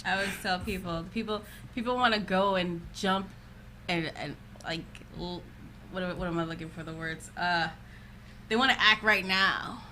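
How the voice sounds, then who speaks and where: A woman's voice: lowish voice, normal speed, sharp tone, slight background noise. A young woman guest in casual podcast chat, confident and playful, laughing often.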